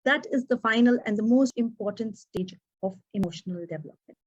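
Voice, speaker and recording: Woman educator in her thirties, highish voice, expressive speech, dull lo-fi recording. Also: a little fast. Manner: expressive, acts out quoted dialogue. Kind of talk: prepared contest speech.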